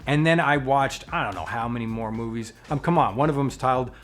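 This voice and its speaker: A man hosting his own vlog, chatting casually in a playful, animated way and joking about his strong opinions. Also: mid-range voice, fairly quick, soft background music. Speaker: vlogger and channel host.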